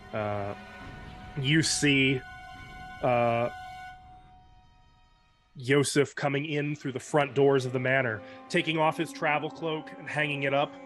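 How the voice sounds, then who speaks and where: A man as game master, narrating a dark tabletop scene in measured, descriptive storytelling. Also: medium pitch, steady tone, soft background music.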